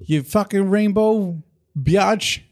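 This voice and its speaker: A man voicing an excitable cartoon pony girl who taunts and swears. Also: high voice, slow pace, voice pushed up. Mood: taunting.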